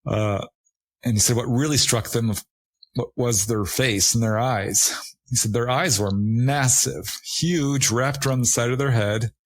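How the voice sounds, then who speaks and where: A man's voice: a little slow, dry recording. A man telling a witness's story in casual conversation, laughing often and raising his voice to act out the people he quotes. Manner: animated retelling, acts out quoted witnesses with raised pitch; laughs often while talking. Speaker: guest, paranormal investigator.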